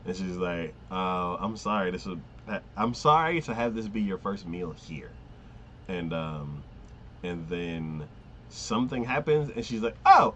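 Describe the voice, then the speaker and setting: Rambling man with a low voice. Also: slight background noise. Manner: rambling, filler-heavy, laughs often, acts out quotes. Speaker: anime podcast host. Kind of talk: casual chat recapping an anime.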